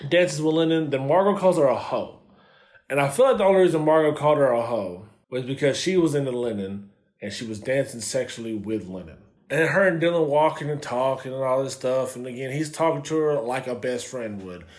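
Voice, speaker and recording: A man's voice: mid-range voice, brisk, darkish tone. A man co-hosting a casual TV review, recapping scenes with lots of swearing and acting out the characters' lines. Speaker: co-host reviewing a TV series. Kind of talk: casual chat.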